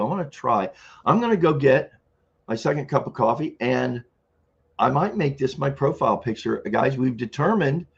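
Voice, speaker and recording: Gravelly older man on a livestream. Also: medium pitch, lo-fi sound. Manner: rambling, chuckling, frequent throat clearing. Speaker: livestream host. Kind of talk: casual live-stream chat.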